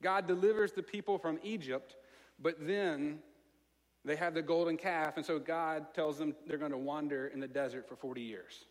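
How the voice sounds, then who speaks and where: A man with a Southern American accent preaching a sermon in a conversational, self-mocking way, telling a story with lively asides. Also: on the high side, moderate pace. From Alabama, US. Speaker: pastor. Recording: long reverb of a large hall.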